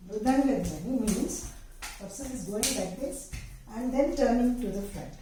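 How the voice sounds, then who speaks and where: A woman teaching dance steps, explaining patiently with pauses and fillers as she demonstrates. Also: fairly high pitch, lively intonation. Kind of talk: step-by-step dance instruction. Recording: very echoey room, voice far from the mic, faint noise.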